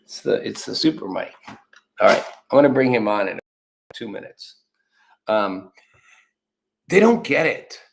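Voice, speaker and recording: Hosting a political commentary show, a man with a lowish, gravelly voice speaks a little slowly, animated and pausing often. His talk is casual and meandering, full of free swearing and acted-out quotes.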